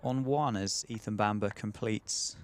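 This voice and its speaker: A man's voice: lowish voice, a little slow. A man giving live ball-by-ball cricket commentary, chatty and often asking his co-commentator questions. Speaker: play-by-play commentator.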